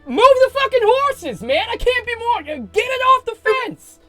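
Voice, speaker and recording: A woman voicing a foul-mouthed, angry male town guard who shouts and curses. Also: very high-pitched, big pitch swings, a little slow, faint music behind, voice pushed up, full character voice. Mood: furious. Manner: shouting, swearing.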